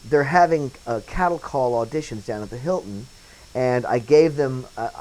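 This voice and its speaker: Guy spinning a yarn in a doc interview, mid-pitch voice, acts out the voices of people in his story. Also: normal speed, poor audio. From Wilmington, North Carolina area. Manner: lively anecdote-telling, acting out quoted voices. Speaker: interviewee, former set painter turned bit actor.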